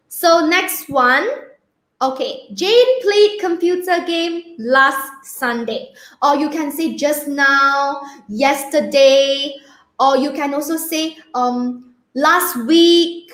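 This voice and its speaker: Slow, patient woman teacher, echoey room. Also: high-pitched, a bit bright. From Malaysia. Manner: slow, patient, spells words out letter by letter; peppers speech with "okay?" checks. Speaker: primary school English teacher. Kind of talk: online grammar lesson.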